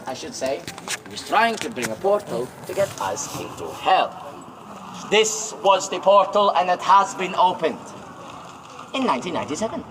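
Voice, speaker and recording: A man leading a ghost tour outdoors, telling dramatic stories in a jokey, teasing way and ordering the group about, recorded from within the crowd. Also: high voice. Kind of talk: theatrical storytelling to a tour group. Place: outdoors in a graveyard on a city street. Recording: noisy outdoor recording with passing traffic.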